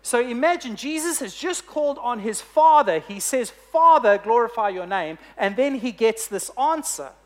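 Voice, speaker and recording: A preacher delivering a sermon, telling a story with emphatic, deliberate phrasing. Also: mid-range voice, expressive, darkish tone.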